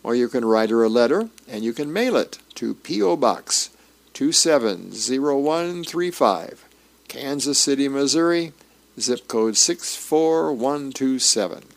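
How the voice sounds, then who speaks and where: Gravelly man reading the paper aloud. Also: mid-range voice, lively intonation. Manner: unhurried, homey reading with small fillers and restarts. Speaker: volunteer newspaper reader. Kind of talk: reading aloud for a radio reading service.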